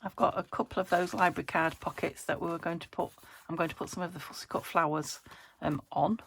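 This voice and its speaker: A woman's voice: fairly low pitch, fairly even intonation, a little fast, creaky, breathy edge. A British woman hosting a crafting vlog from her home craft room, chatting as she works, thinking aloud and laughing often. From United Kingdom. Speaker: crafting channel host.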